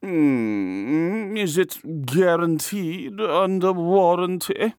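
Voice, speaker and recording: A man playing a slow, pompous artist. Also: high voice, lively intonation, a little mellow, clear, resonant tone, no echo, clean studio sound, voice pushed up, heavily acted. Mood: haggling. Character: pompous male portrait artist, haggling and suspicious.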